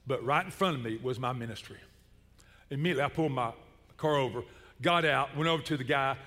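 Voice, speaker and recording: A middle-aged pastor from Chattanooga, Tennessee preaches a sermon, telling stories with animated, comic energy. His voice sits in the mid range and he talks fast, with a long reverb tail behind him.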